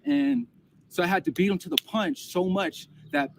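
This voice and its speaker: A man's voice: high voice, sing-song, moderate pace, vocal fry. A man telling a personal story in casual vlog style, rambling and emotional, often repeating words and restarting. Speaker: vlogger recounting a personal experience. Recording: distant mic with loud background noise.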